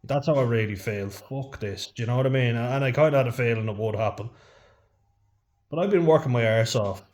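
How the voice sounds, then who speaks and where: A man's voice: mid-range voice, quick pace, a little mellow. An Irish man vlogging to camera in a frank, casual chat, swearing freely and saying "you know" often.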